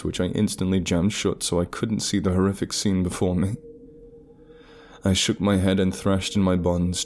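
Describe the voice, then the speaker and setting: A man reading a scripted horror story in a grave, steady manner. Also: sits low, slight background noise.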